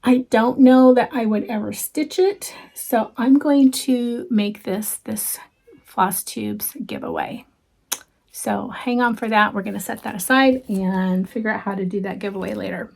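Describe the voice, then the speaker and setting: A woman chatting casually to her viewers as she shows off stitching gifts, gushing warmly and dropping into soft asides with frequent ums. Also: fairly high pitch, fairly even intonation, normal speed, gravelly, hardly any pauses. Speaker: cross-stitch vlogger. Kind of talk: casual show-and-tell chat.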